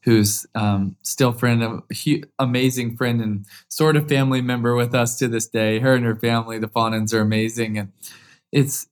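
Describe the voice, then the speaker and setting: A man's voice: medium pitch, normal speed. Earnest man telling a heartfelt story. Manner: earnest, heartfelt, grows lively as the story builds. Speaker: guest, former pro football quarterback. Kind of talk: personal storytelling in an interview.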